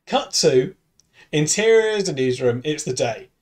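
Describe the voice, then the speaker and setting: High, animated man reading a script aloud. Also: unhurried. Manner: reads stage directions aloud, bursts into laughter. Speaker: streamer.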